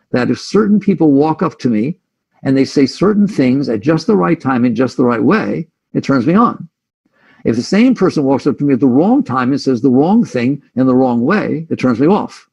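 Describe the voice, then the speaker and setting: A man with a gravelly, slightly husky voice gives a spiritual talk in a reflective, conversational way. He often slips into voicing his listeners' inner thoughts. The recording sounds dull and lo-fi. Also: medium pitch, a little mellow. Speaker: spiritual teacher.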